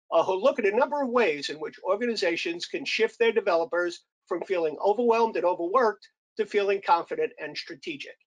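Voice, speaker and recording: A man's voice: high-pitched, a bit bright, poor audio. A man, an editor, gives a formal, scripted introduction as host of a webinar. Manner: formal, announcer-like.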